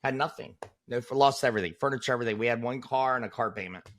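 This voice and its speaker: Bright, forceful man telling a punchy story. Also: very fast. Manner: animated, punchy storyteller who drops "boom" for emphasis. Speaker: guest. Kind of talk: casual storytelling in an interview.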